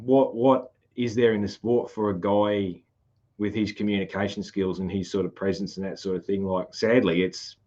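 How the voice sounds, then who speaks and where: Man, broad rural Australian accent, low pitch, rambling casual podcast talk, dull lo-fi recording. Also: level tone, normal speed, darkish tone. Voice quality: rambling, many fillers and restarts. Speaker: podcast host. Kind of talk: casual chat.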